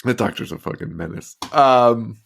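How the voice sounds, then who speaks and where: A man's voice: medium pitch, lively intonation, moderate pace, vocal fry, fairly bright tone. Guy on a podcast swearing nonstop, rambly, um-ing through the story, regular middle voice. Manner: heavy swearing, rambling with fillers. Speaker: podcast co-host. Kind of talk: casual movie recap chat.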